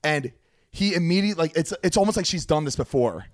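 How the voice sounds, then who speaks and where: Animated swearing man, dry close sound. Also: a little high, fast, no room sound. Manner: animated storyteller, swears freely. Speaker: podcast co-host. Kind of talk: casual chat.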